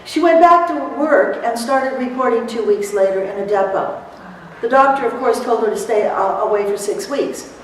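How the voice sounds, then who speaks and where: A middle-aged woman giving a lively motivational seminar to court reporters, telling stories and acting out what people said, laughing often. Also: a little high, normal speed, hardly any pauses, a little hiss or hum. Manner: animated storyteller, laughs often, acts out quotes. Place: seminar hall. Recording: echoey hall, recorded from far off.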